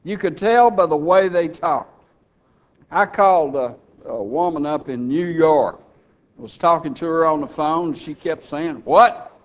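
A man's voice: on the high side, unhurried. A man preaching a sermon with a Texan accent, folksy and humorous between passages of scripture. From Texas.

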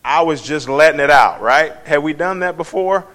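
Animated, chatty man teaching the Bible. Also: a little high, normal speed. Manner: conversational, animated, asks the listeners questions.

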